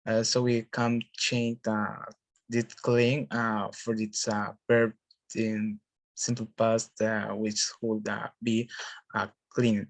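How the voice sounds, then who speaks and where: A man presents to a class in halting English, his delivery slow and his pitch barely moving. Frequent filler sounds break up each sentence, and his voice sits close and dry with no room sound around it. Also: level tone, no echo. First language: Spanish. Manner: hesitant, many filler sounds. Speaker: student presenter.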